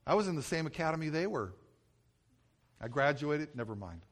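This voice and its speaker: A man's voice: on the high side, sing-song, normal speed. A middle-aged male pastor preaching a sermon, telling stories about himself and mocking himself as he goes. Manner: storytelling, self-mocking, acts out his own yelling.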